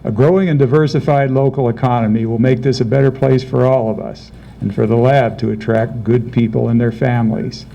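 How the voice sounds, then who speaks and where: A man running for council, reading a prepared closing statement in a steady, even delivery. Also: medium pitch, brisk, gravelly. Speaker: council candidate. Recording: dull lo-fi recording with faint noise.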